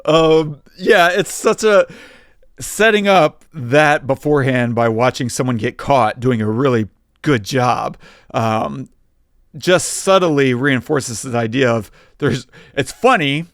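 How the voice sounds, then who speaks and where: A man's voice: medium pitch, takes it slowly, dry recording. Dry-voiced man breaking down film craft. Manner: methodical, builds points step by step. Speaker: podcast co-host, film reviewer; writer. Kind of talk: casual film-analysis chat.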